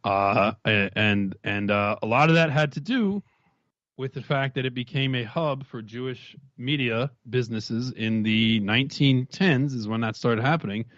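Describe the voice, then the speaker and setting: A man's voice: mid-range voice, moderate pace, fairly bright tone, no room sound, muffled recording. A man talking in casual stream commentary, rambling in long run-on thoughts with frequent restarts. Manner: rambling, discursive, many restarts.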